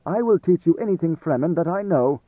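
A man voicing a proud warrior in an audiobook, speaking in forceful, scornful bursts. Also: on the high side, animated, brisk, no echo, phone-quality sound, voice pushed up. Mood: earnest. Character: proud, contemptuous warrior man, disgusted with fakes.

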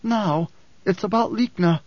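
A man's voice: high-pitched, measured pace, darkish tone, dry recording, pitched above the performer's own voice. An insistent young woman with a hissing urgency, played by a man reading an audiobook. Her voice rides well above his own and pushes forward. The recording is dry and slightly dull. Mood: urgent. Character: fierce, urgent young woman, the hero's sister. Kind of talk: audiobook character voice.

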